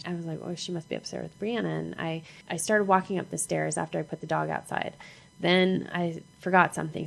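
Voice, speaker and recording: A middle-aged woman tells a personal story in a low, gravelly voice. She speaks haltingly, repeating herself and acting out what each person said. Her voice has a steady rasp of vocal fry. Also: low-quality recording. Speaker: mother sharing her story.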